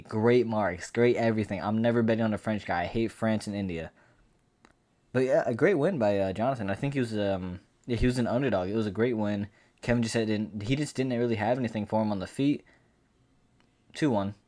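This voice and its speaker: A man's voice: fairly low pitch, a little mellow. A man giving a casual fight recap rant as an MMA commentator, profane, boastful and rambling.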